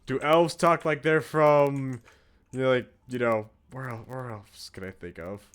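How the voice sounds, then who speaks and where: A man's voice: medium pitch, measured pace, smooth. An American man streaming a farming game, chatting in a rambling, jokey and crude way to his viewers. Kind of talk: casual gaming commentary.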